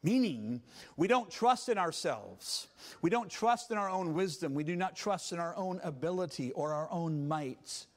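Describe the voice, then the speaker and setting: A man's voice: a little high, animated, moderate pace. Male pastor, sermon delivery, dynamic and emphatic. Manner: emphatic, swings between quiet and loud.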